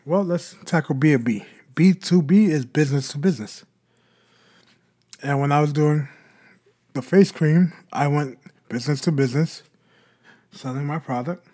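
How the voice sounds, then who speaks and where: Casting: a man as casual podcast host, slightly high voice, asks and answers his own questions. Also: normal speed, long pauses, mellow. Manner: explains with rhetorical questions he then answers. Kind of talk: casual solo podcast talk.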